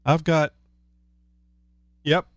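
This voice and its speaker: A man's voice: a little high, little pitch movement, drawn-out words, dry recording, studio quality. A man co-hosting a podcast in casual chat, joking and rambling while he fiddles with his setup. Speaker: podcast co-host.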